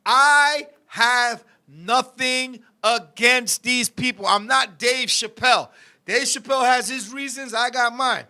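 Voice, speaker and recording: High, bright-voiced heated male storyteller. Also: slow pace. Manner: heated, profane storytelling, addresses co-host and viewers. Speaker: show host. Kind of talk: live-stream talk show storytelling.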